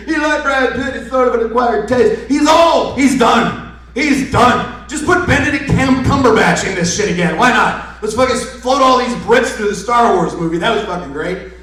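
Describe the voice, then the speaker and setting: A man's voice: extremely high pitch, lively intonation, moderate pace, a bit bright. A man doing a sarcastic, profane stand-up rant at a live comedy show. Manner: ranting, sarcastic, heavy swearing. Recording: echoey live room, voice from far off the mic.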